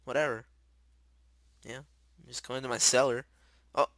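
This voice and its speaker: Bright, chatty young gamer guy. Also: mid-range voice, measured pace, no echo, studio quality. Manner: chatty, rambling, excitable, shouts when startled. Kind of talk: casual gameplay commentary.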